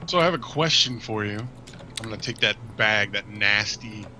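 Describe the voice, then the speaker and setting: Low-voiced man playing a gruff tabletop character. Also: expressive, moderate pace, bright, forceful tone, a little hiss or hum. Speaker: player. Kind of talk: tabletop game play.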